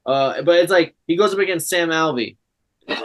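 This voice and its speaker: A man's voice: fairly high pitch, a little fast, fairly bright tone. A man co-hosting a casual fight podcast, laughing often while he goes through fighters' records. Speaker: podcast co-host. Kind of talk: casual chat.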